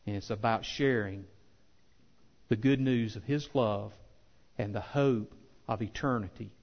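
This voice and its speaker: A pastor preaching a sermon with impassioned swells that drop to soft, earnest appeals. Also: male voice, fairly low pitch, measured pace, muffled recording. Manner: impassioned preaching, rising loud then softening.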